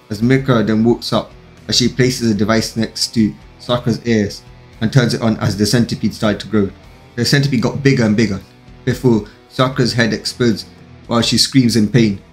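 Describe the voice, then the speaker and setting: A man narrating a fan-fiction story in a plain, run-on reading with occasional slips. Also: lowish voice. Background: faint music.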